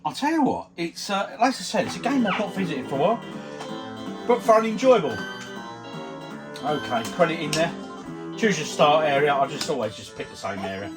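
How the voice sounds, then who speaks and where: A man's voice: a little high, animated, a little fast, pauses often. Chatty man. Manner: chatty, jokey banter, commentating while playing. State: a few beers in. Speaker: retro gaming vlogger. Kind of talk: casual gaming vlog chat. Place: at home, indoors. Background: game music.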